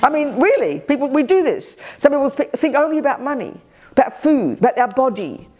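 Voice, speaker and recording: An older woman, a Buddhist teacher leading a retreat, gives a Dharma talk in a retreat hall and takes questions from the group. Her voice is high and fairly quick, and she speaks directly and energetically with lively emphasis.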